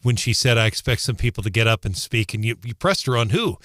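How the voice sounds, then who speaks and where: A man's voice: medium pitch, lively intonation, fast talker, fairly bright tone, dry recording, clean studio sound. A man co-hosting a morning radio talk show, chatting in an easygoing, agreeable way. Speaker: radio co-host.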